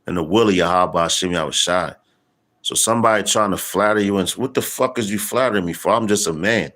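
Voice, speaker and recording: A man preaching in a casual street style, slangy and profane, stopping to read scripture verses slowly with emphasis. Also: sits low, a bit bright.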